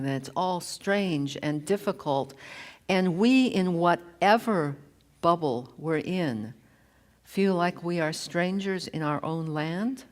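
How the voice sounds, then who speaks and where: A woman minister giving a sermon in a slow, deliberate, reflective way, from a church sanctuary. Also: fairly low pitch.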